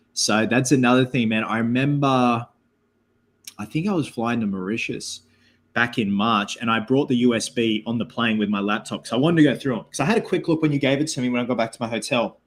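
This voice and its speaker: Male live-stream host, mid-pitched, loose and rambling, reads out viewer comments between tangents. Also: a little fast. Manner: rambling and chatty, many filler words. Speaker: livestream host. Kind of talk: casual live-stream Q&A chat.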